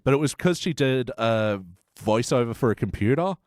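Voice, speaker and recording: A man hosting a casual podcast chat, talkative and quick to laugh, often acting out quoted lines. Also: mid-range voice, expressive, a little mellow, no echo, studio quality. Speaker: podcast host.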